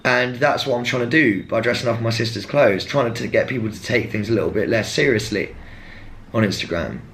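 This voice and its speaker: A young man, talking casually and frankly to camera, rambling and jumping into animated impressions of others. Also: mid-range voice, a little fast, a little hiss or hum. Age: young adult. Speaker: former contestant.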